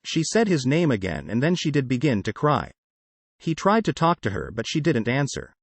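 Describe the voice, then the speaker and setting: A man reading an audiobook in a steady, measured way. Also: medium pitch, creaky, breathy edge, no room sound. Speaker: audiobook narrator. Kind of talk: audiobook narration.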